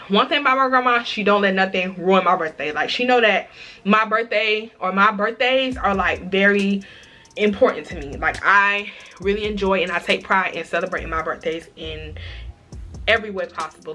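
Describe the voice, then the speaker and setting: A young woman chatting through a casual storytime vlog, dramatic and expressive, often calling her viewers y'all. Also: mid-range voice. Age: young adult. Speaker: vlogger.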